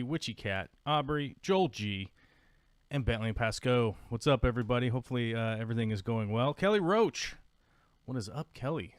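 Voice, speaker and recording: A man's voice: mid-range voice, no echo, studio quality. Goofy rambling man streaming live. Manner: goofy, rambling, hypes the chat. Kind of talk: casual live stream chat. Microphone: desk microphone.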